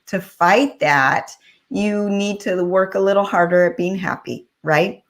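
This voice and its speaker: Unhurried woman hosting an interview. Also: on the low side. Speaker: show host. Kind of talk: casual interview chat.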